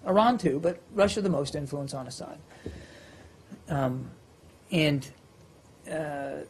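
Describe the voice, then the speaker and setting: A man's voice: on the high side, vocal fry, a little mellow, slight background noise. A man briefing reporters as a government spokesperson, answering questions with many fillers and restarts.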